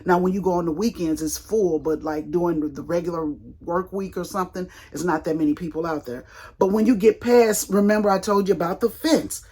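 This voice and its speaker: An older woman with a husky, slightly low voice tells a rambling story to her vlog audience. She talks colloquially, restarts sentences and jumps into lively voices for the people in the tale. Her delivery is relaxed and chatty. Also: a little fast. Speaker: vlogger.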